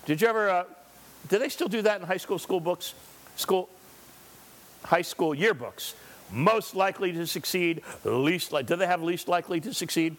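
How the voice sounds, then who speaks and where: A man's voice: sits high, normal speed, fairly bright tone. A male pastor preaching a sermon, driving his points home with rhetorical questions and briefly acting out the voices of scripture figures.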